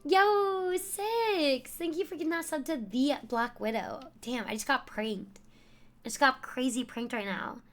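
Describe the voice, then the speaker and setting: A woman's voice: high-pitched, measured pace, a bit bright, soft background music. A young woman streaming live, laughing often as she exclaims and thanks her viewers.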